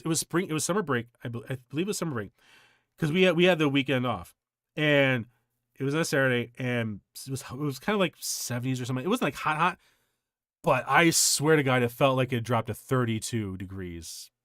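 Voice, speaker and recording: A man streaming and chatting casually, telling a long personal story in a rambling, halting way with frequent restarts. His voice sits at a middle pitch, and the sound is close and dry, with no room echo. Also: a bit bright.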